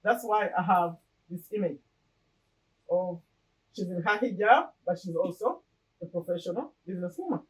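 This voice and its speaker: A middle-aged woman speaks at a medium pitch in a casual, reflective way, stopping and restarting as she explains things. She sounds a little distant from the microphone. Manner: earnest, reflective, with pauses and restarts. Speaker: vlogger sharing her vision board. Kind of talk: casual personal talk to camera.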